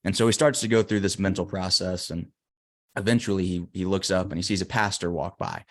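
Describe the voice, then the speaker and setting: A man's voice: sits low, steady tone, brisk. A man as an interview guest telling a story and giving emphatic motivational advice. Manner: earnest, emphatic.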